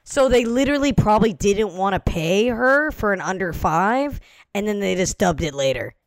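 A woman guesting on a podcast, chatting and telling stories in an animated way with lots of likes. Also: medium pitch, normal speed, no room sound. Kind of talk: casual podcast chat.

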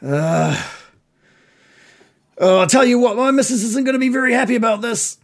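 A man's voice: extremely high pitch, fast, a little hiss or hum, voice pushed up. Man putting on a dazed, whiny captured bugbear. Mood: resigned. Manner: whiny, pleading, worried about his wife. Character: dazed captured male bugbear, nervous and grumbling.

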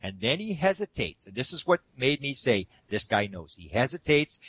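Male guest, animated storyteller, mid pitch, dry close sound. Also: moderate pace, husky, dry recording. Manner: animated anecdotal storyteller, acts out quotes. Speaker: guest speaker on UFO topics. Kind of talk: casual storytelling interview.

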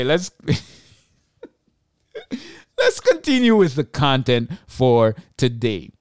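Male solo podcaster, tired but energetic, talks straight into a dead-dry mic. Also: medium pitch, no room sound. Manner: energetic, chatty, self-deprecating asides. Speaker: podcast host. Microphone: close podcast mic.

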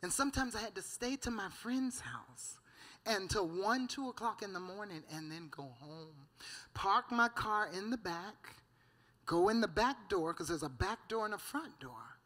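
A woman preaches her testimony in a bright, forceful voice. She speaks with fervor, tells her story and keeps breaking in with amen and hallelujah. She laughs often as she goes. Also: medium pitch, animated, measured pace. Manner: fervent, punctuated with amen and hallelujah. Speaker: guest giving a church testimony.

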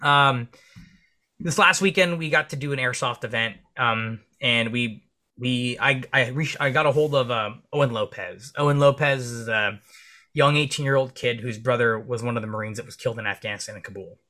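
A man speaking as a police officer and podcast guest. He tells energetic stories in casual interview chat and swears freely. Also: normal speed. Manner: acts out dialogue in comic high voices.

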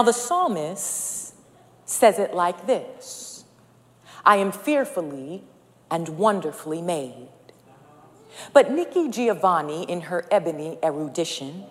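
A woman preaching a sermon in a church, speaking in rhetorical, rhythmic repetitions that build in intensity. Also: on the low side. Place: church sanctuary. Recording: long reverb of a large hall.

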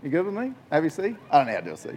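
A man's voice: a little high, rapid-fire. A man giving a casual, jokey Bible talk to a group as a youth preacher. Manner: jokey, conversational, animated storytelling.

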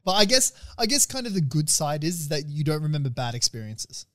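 A man co-hosting a podcast in casual banter, crude, argumentative and quick to laugh. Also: fairly high pitch, very animated, noisy background. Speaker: podcast co-host.

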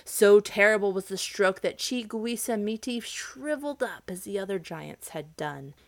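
Female storyteller, animated, dry studio read. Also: mid-range voice, moderate pace, dry recording. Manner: expressive, dramatic reading. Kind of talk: storybook narration.

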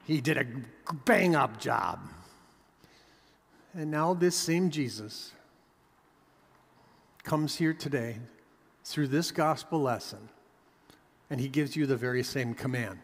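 A man's voice: mid-range voice, takes it slowly, creaky, long pauses, slightly rough, long reverb tail. A pastor delivering a sermon with emphatic preaching, his voice rising and dropping for effect.

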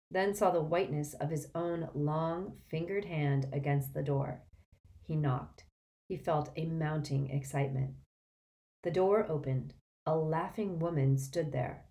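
A woman narrating an audiobook in an expressive, dramatic way. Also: sits low. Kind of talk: scripted narration.

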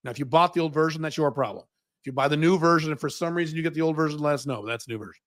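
A man's voice: fairly high pitch, very fast, fairly bright tone. An American man hosting a Q&A stream, bluntly answering viewer questions with profanity and mocking impressions. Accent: General American. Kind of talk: livestream Q&A monologue. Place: living in Dubai.

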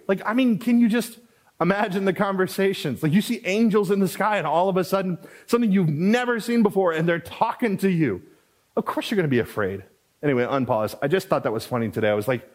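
A pastor delivers a sermon in a relaxed, conversational manner, with a somewhat higher male voice. He repeats key phrases for emphasis and drifts into quick asides before returning to his point.

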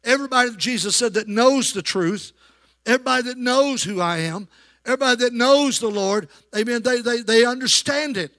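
Speaking extremely high and fairly quick, a male pastor preaches in church with a bright, forceful tone. He keeps calling for amens, drawing call-and-response from the congregation.

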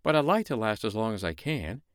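A man's voice: on the low side, very animated, fairly quick, clean tone, no echo, clean studio sound. A man voicing a fretful, chatty male snowman in a bedtime story, fussy and exclaiming. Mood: anxious.

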